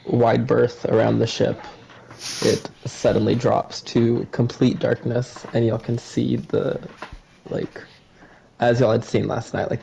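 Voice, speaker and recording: A man's voice: medium pitch, gravelly, dark tone. A man narrating a tabletop game as game master, describing scenes in a rambling way with many fillers. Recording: muffled lo-fi with faint hiss.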